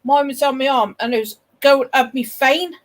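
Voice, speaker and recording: A woman's voice: sits high, steady tone, normal speed, rough recording. A woman chatting casually with the host, stumbling and repeating words as she tells her own story. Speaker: guest. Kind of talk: casual chat.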